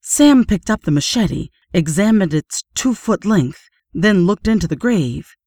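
A woman reading a horror story aloud in steady, measured audiobook narration. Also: medium pitch, no room sound, studio quality.

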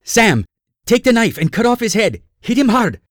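A woman's voice: medium pitch, very animated, moderate pace, no echo, clean studio sound. A woman voicing an urgent, commanding man who strains as he fights off a monster in a storybook reading.

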